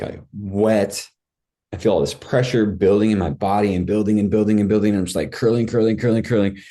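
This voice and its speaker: A man appearing as a podcast guest tells a personal story in casual conversation, acting out his own cries and thoughts and saying "dude" and "like" a lot. His voice is deep and dark in tone.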